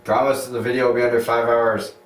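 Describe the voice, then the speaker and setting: Co-host, man, dry sarcastic one-liners, mid pitch, echoey room, away from the mic. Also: flat delivery, fast. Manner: dry, sarcastic, short replies. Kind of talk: casual chat. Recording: roomy sound, mic at a distance.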